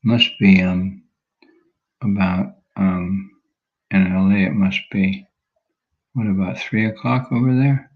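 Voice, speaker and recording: A man leading an online class, wrapping up slowly and hesitantly, thinking aloud between words. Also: low voice, steady tone, highs cut off. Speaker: class leader. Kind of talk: casual closing remarks on a video call.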